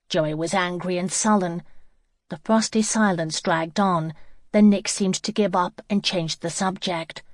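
A woman reading a novel aloud as an audiobook narrator, in a steady, measured voice, close to the mic. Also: on the low side, no echo. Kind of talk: scripted narration.

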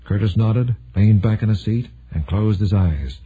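A man reading a military thriller audiobook in a measured, steady way, with a husky voice. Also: lowish voice. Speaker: narrator. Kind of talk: scripted audiobook narration. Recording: narrow phone-like sound.

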